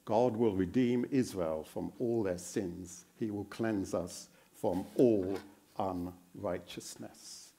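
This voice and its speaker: A man's voice: low-pitched, takes it slowly, dark tone. A man giving a sermon as a guest preacher in a church. He quizzes the congregation in an earnest, encouraging way and repeats phrases for emphasis.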